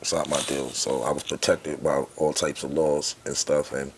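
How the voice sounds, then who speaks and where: A deep-voiced man from Harlem with a New York accent, in his forties, talking as a guest on a podcast. He tells his stories in a relaxed, streetwise way. When he quotes other people, he bursts into their voices. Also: moderate pace, noisy background. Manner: animated, acts out quoted people with raised voice. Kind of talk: casual storytelling.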